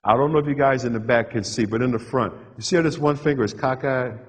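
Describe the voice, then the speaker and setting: A middle-aged man giving a motivational keynote, telling his own story in short punchy phrases with dramatic pauses. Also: medium pitch, breathy edge. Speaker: motivational speaker. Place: large hall with a live audience. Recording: dull lo-fi live hall recording.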